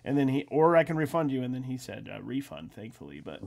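A man co-hosting a podcast, rambling through a quick anecdote in casual chat. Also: mid-range voice, sing-song, gravelly, crowd noise. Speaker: podcast co-host.

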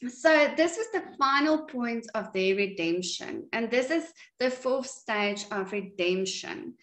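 A woman teaching a Bible study at home in an earnest, unhurried way with some fillers. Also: a little high, lively intonation, a bit bright. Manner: slow, earnest, with frequent fillers. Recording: echoey room.

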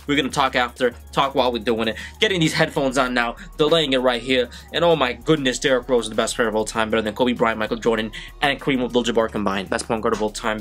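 A man hosting a reaction video, talking live over sports highlights, excitable and slangy, yelling at the players on screen. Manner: slangy street talk. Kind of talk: live reaction commentary while watching highlights.

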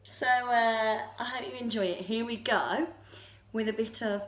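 A woman entertainer chatting brightly to her viewers before a sing-along, bubbly and full of little fillers. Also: mid-range voice, normal speed. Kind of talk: casual chat to camera. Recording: roomy echo with loud backing music. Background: loud music.

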